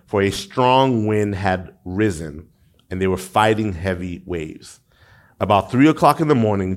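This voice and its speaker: A man preaching a sermon in a casual, conversational way, asking his listeners questions and going low and soft when he reads scripture. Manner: conversational, asks the audience questions. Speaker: pastor.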